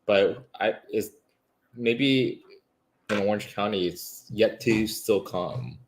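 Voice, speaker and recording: A man's voice: on the low side, takes it slowly. A man co-hosting a casual live stream from a home kitchen, chatting and reading viewer comments with lots of fillers. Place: home kitchen while cooking.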